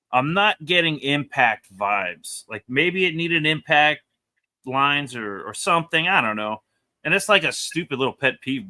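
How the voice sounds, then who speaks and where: A man reviewing comic books in casual chat, animated and rambling, laughing often as he talks. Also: mid-range voice.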